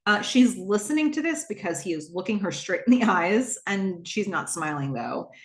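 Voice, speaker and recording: A woman hosting a podcast who retells a TV episode in a casual, animated way and acts out the characters' lines. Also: medium pitch, normal speed. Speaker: podcast host. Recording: roomy echo.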